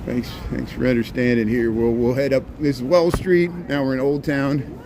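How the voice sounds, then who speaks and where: A folksy Midwestern man in his forties rambles through a walking livestream, talking into his phone as he goes. His voice is mid-pitched and plain. Clear traffic and city noise run behind him on the wet street. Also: steady tone, moderate pace. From Indiana. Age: 40s. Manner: folksy, rambling, repeats "here" and "there". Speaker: livestream host. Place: outdoors on a city street in light rain.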